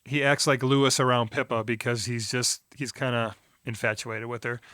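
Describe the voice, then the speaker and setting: A man co-hosting a podcast, chatting casually about a film. He is laid-back and often lets his sentences trail off low. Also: flat delivery, normal speed, bright, forceful tone, no echo, clean studio sound. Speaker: podcast co-host.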